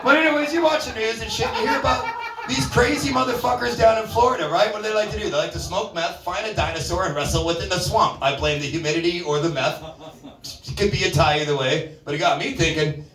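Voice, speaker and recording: At a bar open mic, a man from Alaska rambles through a stand-up set, jumping joke to joke with heavy profanity and self-mockery. His voice is high-pitched and brisk, and the distant recording carries roomy bar acoustics with music behind him.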